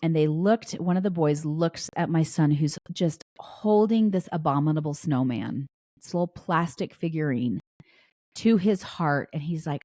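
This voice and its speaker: A woman's voice: low voice, lively intonation, a little slow, dark tone, no echo, studio quality. A woman hosting a podcast, chatting casually through a story with frequent restarts and fillers. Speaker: podcast host.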